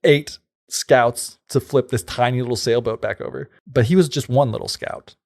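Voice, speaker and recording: A man's voice: mid-range voice, moderate pace, gravelly, darkish tone. A man co-hosting a podcast, retelling a fairy tale in a rambling, casual way full of "like" and side remarks. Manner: rambling, many likes and asides. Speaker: podcast co-host. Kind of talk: casual storytelling chat.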